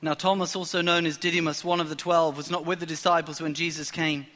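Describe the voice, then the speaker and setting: A preacher delivers a sermon in a bright, ringing voice. He tells the story with lively energy and acts out what the characters say. His voice carries a long reverb from a large hall. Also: on the high side, quick pace.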